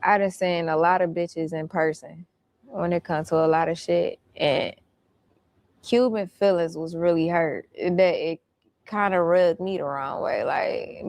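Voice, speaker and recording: A woman's voice: fairly low pitch, a little slow, a little mellow, no echo. A woman recounting events in casual storytelling, blunt and profane.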